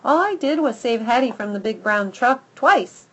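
A woman's voice: a little high, moderate pace, muffled recording, voice pushed up. Woman doing Fenway, a cocky young male dog. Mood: boastful. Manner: boastful, excitable.

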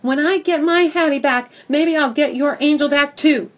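A woman's voice: sits high, animated, a little slow, highs cut off, voice pushed up. A woman voicing a small, stubborn male dog who barks out defiant vows in a storybook reading. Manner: barking, defiant outbursts.

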